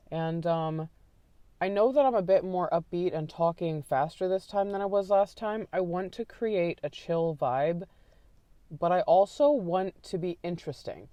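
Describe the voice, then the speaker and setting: A woman's voice: low voice, no echo. Chatty woman, dry close sound. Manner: chatty, self-deprecating, rambling with restarts; aims for a calm, sleepy ASMR-like delivery in the story. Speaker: true crime channel host. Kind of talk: casual chat to viewers, then true crime narration.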